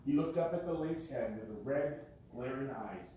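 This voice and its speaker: A man reading a novel aloud in a measured, steady way. His voice is dark and mellow. The reading rings in an echoey room. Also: medium pitch, a little hiss or hum. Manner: measured storytelling, dropping quiet at tense moments. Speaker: audiobook narrator. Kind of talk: scripted narration.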